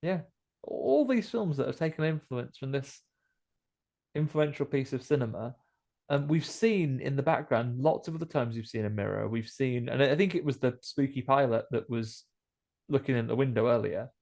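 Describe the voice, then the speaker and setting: Male co-host, mid-pitched, jokey film-recap banter. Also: normal speed, creaky, darkish tone. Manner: chatty, jokey, acts out quoted lines. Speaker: podcast co-host. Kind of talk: casual film recap chat.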